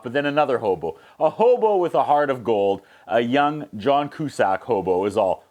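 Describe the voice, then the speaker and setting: A man's voice: mid-range voice, animated, a little mellow. Sarcastic man recapping a movie. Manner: sarcastic, acts out characters in quick voices. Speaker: movie reviewer. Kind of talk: comedic plot recap.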